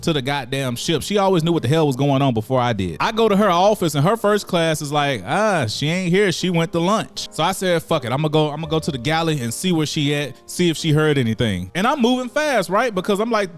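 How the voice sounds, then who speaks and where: A man speaking tells his story casually, cursing freely and jumping into quick impressions of the people in it. His voice sits a bit high for a man. Faint music runs under the talk. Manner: profane, animated, acts out quotes. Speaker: storyteller vlogger.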